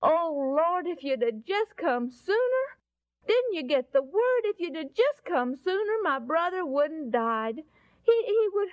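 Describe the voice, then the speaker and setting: A woman's voice: high voice, huge pitch swings, moderate pace, few pauses, dry recording, pitched above the performer's own voice. A woman voicing Martha, a grieving woman who stammers and pleads in a flustered way. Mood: pleading, flustered. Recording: dull lo-fi recording.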